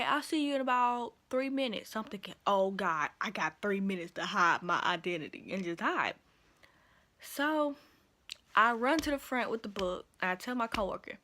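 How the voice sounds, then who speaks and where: A young woman vlogger telling a work story in a chatty, animated way, calling her viewers y'all. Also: medium pitch. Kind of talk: casual storytime.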